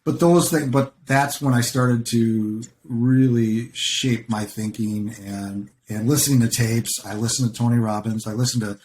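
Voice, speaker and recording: A man's voice: medium pitch, steady tone, unhurried, hardly any pauses, a little mellow, a little hiss or hum. Reflective male podcast host. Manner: reflective, repeats himself while thinking. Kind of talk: conversational interview.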